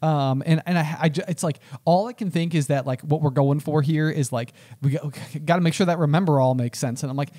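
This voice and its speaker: A young man talks through a book chapter on a casual podcast. His voice sits a bit high for a man, with a soft, mellow tone. He rambles, restarts his sentences and leans on fillers as he thinks aloud. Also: a little fast, hardly any pauses. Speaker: podcast co-host. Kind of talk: casual book-discussion chat.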